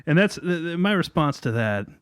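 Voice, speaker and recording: A man's voice: a little high, very animated, fairly quick, clear, resonant tone, no echo, studio quality. A man co-hosting a podcast, chiming in with short, teasing remarks in casual chat. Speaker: podcast co-host.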